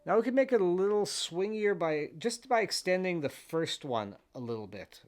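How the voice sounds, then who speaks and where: A man's voice: high voice, very animated, moderate pace, over loud music. Patient man teaching fiddle. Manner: patient, counts beats aloud. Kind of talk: step-by-step instrument lesson. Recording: with fiddle playing in between.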